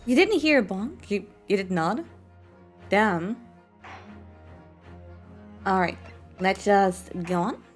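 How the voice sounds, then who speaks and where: A woman's voice: medium pitch, expressive, slow, pauses often, faint music behind. A woman game streamer in casual live-stream chat, rambling with frequent swearing and fillers.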